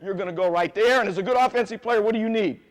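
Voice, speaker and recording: A man coaching a youth basketball clinic, quizzing the players and repeating key points with animated energy. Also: high voice, racing, big-room sound. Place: gym with players on court.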